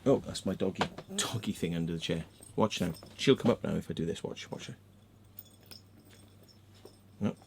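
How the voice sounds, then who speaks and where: A middle-aged British man hosting a casual livestream, telling a story in a sweary, excitable way and acting out the voices of the people in it. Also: deep voice, moderate pace, gravelly, long pauses, noisy background. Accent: British English. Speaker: livestream host. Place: home room with fan and dog.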